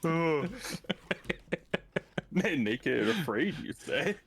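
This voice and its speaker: A man's voice: a little high, sing-song, drawn-out words, slightly rough. A man co-playing on a stream, chatting casually with teasing laughs and casual swearing. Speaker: guest co-player. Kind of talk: casual gaming chat.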